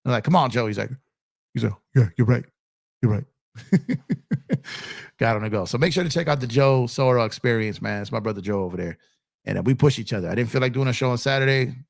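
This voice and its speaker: A man chats casually on a live stream, laid-back and prone to repeating himself as he reads messages aloud. His voice is gravelly, still a little rough from a recent cold. The sound is dry and close, with no room around it. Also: medium pitch, fairly quick, no echo. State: recovering from a cold. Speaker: sports stream host.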